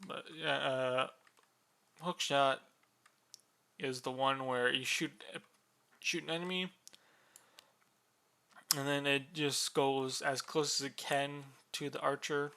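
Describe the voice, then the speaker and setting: A man casually explaining the rules of a board game unit, relaxed and drowsy, with many fillers and yawns. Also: mid-range voice, slow, gravelly, long pauses, smooth.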